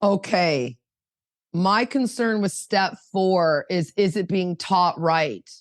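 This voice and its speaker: A woman's voice: lowish voice, no room sound. Fervent woman in her fifties, dry sound. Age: 50s. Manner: fervent, rapid, rhetorical questions. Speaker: recovery meeting speaker. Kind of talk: emotional recovery share.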